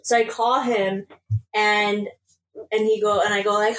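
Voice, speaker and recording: A woman's voice: medium pitch, measured pace, long pauses, poor audio. A young woman from Illinois co-hosting a casual podcast, telling a story with lots of laughter and swearing. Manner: animated, laughing, swearing freely. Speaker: podcast co-host.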